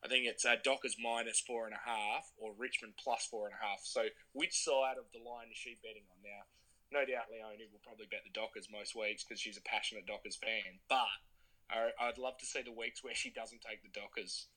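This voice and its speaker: A man's voice: on the low side, fairly even intonation, fairly quick, sharp tone, rough recording. A young Australian man co-hosting a casual podcast chat, telling stories animatedly and laughing at himself. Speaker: podcast co-host.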